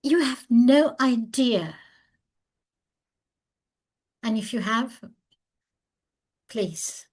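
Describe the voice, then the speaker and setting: During a webinar lecture over a video call, a woman from overseas who lives in South Africa speaks earnestly and with emphasis, telling her story very animatedly. Her voice is on the high side, animated and a little mellow. She draws out her words and pauses often.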